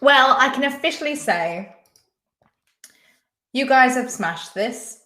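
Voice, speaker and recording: A woman's voice: high-pitched, expressive, slow pace, pushed and bright, slight background noise. A woman hosting a live-stream quiz, chatting casually and reading out viewers' names and answers. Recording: echoey room.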